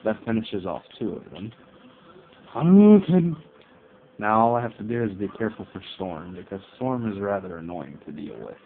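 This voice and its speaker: A low-voiced man talks his way through a fighting game, grumbling at his opponents and shouting out attack names as he plays. His voice comes through a tinny, phone-like mic with a faint hiss behind it. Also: animated, brisk, gravelly, few pauses. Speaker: let's play gamer. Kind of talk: gameplay commentary.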